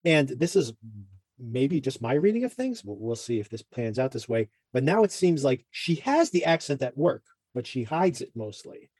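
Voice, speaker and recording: Male podcast host, chatty recapper; warm, slightly husky, dry close mic. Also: mid-range voice, sing-song, normal speed, no room sound. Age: adult parent. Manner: chatty, rambling with fillers and asides. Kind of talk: casual TV recap chat.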